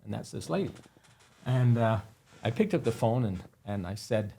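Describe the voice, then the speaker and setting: A man's voice: medium pitch, lively intonation, normal speed, gravelly, warm tone, breathy edge. A man guesting on an interview, telling earnest anecdotes with many fillers. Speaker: guest, company founder. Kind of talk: casual interview storytelling.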